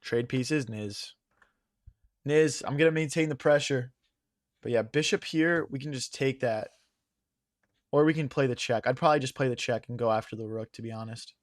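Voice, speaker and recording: A man's voice: medium pitch, moderate pace, no room sound. A young male streamer talks through chess moves in a loose, chatty way, calling his viewers guys. His voice is a little worn from hours of talking. The sound is dry and close, with no room around it. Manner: thinks aloud, chatty, addresses chat as guys. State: losing his voice. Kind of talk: casual live-stream commentary.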